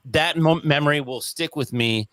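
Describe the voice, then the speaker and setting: A man's voice: a little high, moderate pace, a bit bright, no echo. A man telling a story as an interview guest, in casual talk that acts out the quoted voices and swears freely.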